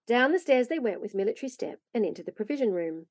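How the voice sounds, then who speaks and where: A woman reading a classic children's story aloud, expressive and lively. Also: on the high side, quick pace, no room sound. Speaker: reader.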